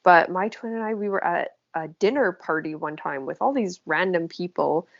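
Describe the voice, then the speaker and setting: A woman's voice: on the low side, normal speed, vocal fry, no room sound. A woman hosting a casual chat, chatty and laughing easily. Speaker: host. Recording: slightly dull lo-fi sound.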